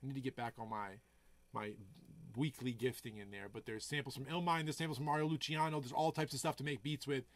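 A man producer chatting casually on a live stream, telling loose stories full of swearing and giving hyped shout-outs to viewers. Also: mid-range voice, steady tone, fast. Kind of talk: casual livestream chat. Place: home music studio.

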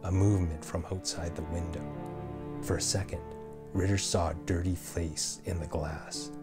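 A man narrating a scripted ghost story in a measured way and voicing the characters himself. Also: low voice, steady tone, over loud music.

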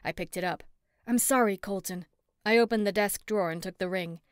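A woman narrating a first-person story in an expressive, steady audiobook read on a close mic. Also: on the low side, fast, clean tone, no room sound.

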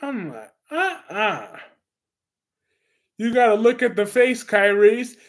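A man hosting a casual livestream, reacting to viewer comments with animated repetition. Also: high voice, moderate pace. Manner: animated, repeats phrases for emphasis. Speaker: livestream host reading comments.

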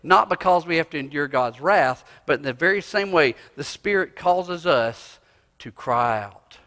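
A male pastor preaching a sermon in a church, swinging from loud cries to hushed asides. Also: a little high, expressive, a little slow. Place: church sanctuary. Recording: long reverb of a church hall.

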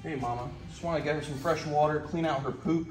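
A man's voice: a little high, fairly even intonation, quick pace, music in the background. A young man hosting a wildlife vlog, narrating casually as he works with animals and cooing to them in baby talk. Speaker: wildlife keeper and vlog host.

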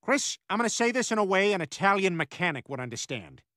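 A man's voice: high-pitched, very animated, fast talker, background noise. An actor playing a bumbling cartoon father who lectures his son in an exasperated tone. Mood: scolding.

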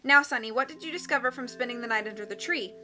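A woman's voice: on the high side, quick pace, sharp tone, faint music behind. A woman reading as a bookish boy explaining.

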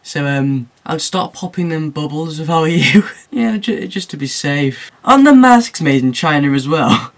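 A man's voice: a little high, lively intonation, normal speed. A teenage boy talking casually in a vlog, rambling and jokey, often laughing at his own remarks. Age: teens. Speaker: YouTuber.

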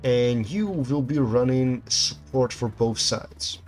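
A man's voice: medium pitch, slow, faint music behind. Casual man narrating a game playthrough. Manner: casual, reads game text aloud and reacts to the action. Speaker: gameplay commentator. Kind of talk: game playthrough, reading dialogue aloud.

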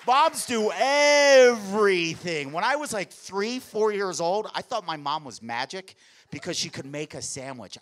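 A man doing stand-up comedy on a club stage, telling family stories in an energetic, conversational way to the audience. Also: fairly high pitch, gravelly, a little hiss or hum.

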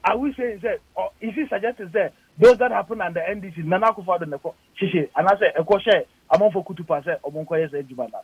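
A man's voice: high-pitched, quick pace, hardly any pauses, husky, no room sound. A man with a Ghanaian accent, a politician on a radio interview, firing off emphatic, indignant rhetorical questions. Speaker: politician guest. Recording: dull lo-fi radio audio.

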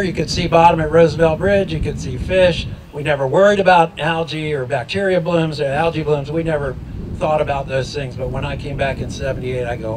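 Male emcee, rousing and folksy, slightly high voice; noisy outdoor recording. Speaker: rally emcee. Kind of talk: outdoor rally speech. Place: outdoors at a riverside lock.

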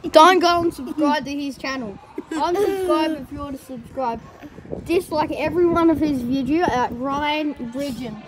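High-pitched teasing young woman vlogger. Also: unhurried, crowd noise, poor audio. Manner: teasing, laughing, playful banter. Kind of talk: casual chat.

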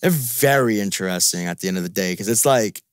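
A man's voice: on the low side, fairly quick, clear, resonant tone, no room sound, clean studio sound. A man venting in a frustrated, repetitive, profane way in a casual podcast chat. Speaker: podcast guest.

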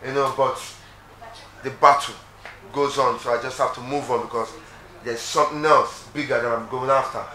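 A man's voice: mid-range voice, fairly even intonation, normal speed, sharp tone. A man giving an affectionate, earnest tribute to a departed friend on a reality show. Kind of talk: heartfelt video tribute. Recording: echoey room with faint noise.

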